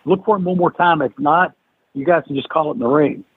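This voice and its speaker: Husky-voiced man telling a story over a tinny line. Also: on the high side, brisk, dry recording. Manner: animated storyteller who acts out quoted lines. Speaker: podcast guest. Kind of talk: storytelling interview chat. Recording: dry, tinny phone-like line.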